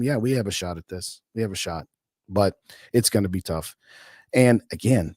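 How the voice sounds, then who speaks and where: A man's voice: on the low side, darkish tone, no echo, clean studio sound. A man hosting a sports podcast, chatting casually and answering viewer comments in an opinionated, colloquial way. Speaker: podcast host. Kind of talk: casual live-stream sports talk.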